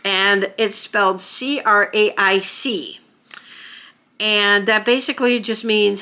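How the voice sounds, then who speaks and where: A woman's voice: mid-range voice, steady tone, unhurried, pushed and bright, smooth. An American woman talking casually to camera as a vlogger, chatty, with frequent fillers and small laughs. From United States.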